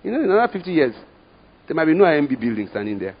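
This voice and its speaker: Husky Nigerian pastor preaching. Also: male voice, a little high, sing-song. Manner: dramatic swings from hushed to loud, slow emphatic scripture reading. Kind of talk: sermon. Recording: dull lo-fi sermon recording.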